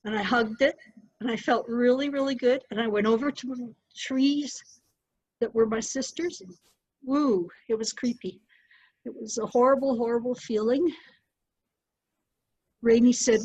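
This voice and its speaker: A middle-aged woman, a storyteller, recounting a personal story with animated delivery. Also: on the high side, measured pace, long pauses, slightly rough, no room sound. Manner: animated, lively retelling with acted-out quotes. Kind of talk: personal storytelling to a small group. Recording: dull, muffled dry recording.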